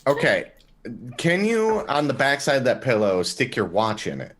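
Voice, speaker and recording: A man joining a tabletop game as a player, chatting over a video call in a rambling, halting way. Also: mid-range voice, huge pitch swings, fairly bright tone, slight background noise. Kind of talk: casual chat.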